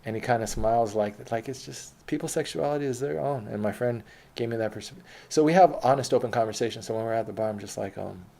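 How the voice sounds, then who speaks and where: A man's voice: mid-range voice, fast, creaky, warm tone. A man telling a long personal story in a casual, rambling, profane way.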